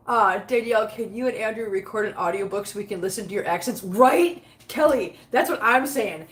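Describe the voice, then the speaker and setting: Her slightly high voice animated and brisk, a cat vlogger cleans litter boxes in her many-cat home while chatting with live viewers and reading their messages. She laughs often and talks to her cats; a phone set up nearby records her in an echoey room.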